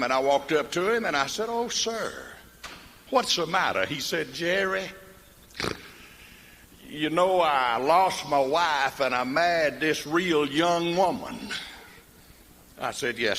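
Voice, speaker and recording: An older Southern man with a Mississippi drawl spins folksy comic yarns on stage, a bit higher than most men. His voice carries a long hall echo with faint noise underneath. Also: bright, forceful tone. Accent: Southern American, Mississippi. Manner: folksy drawl, acts out characters in the tales. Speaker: comedian telling stories. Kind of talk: stand-up storytelling.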